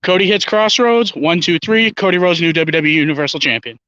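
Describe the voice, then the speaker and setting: Man, stream guest, high bright voice, dull lo-fi sound, emphatic, swears. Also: a little fast, dry recording. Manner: emphatic, confident, swears freely. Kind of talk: casual chat.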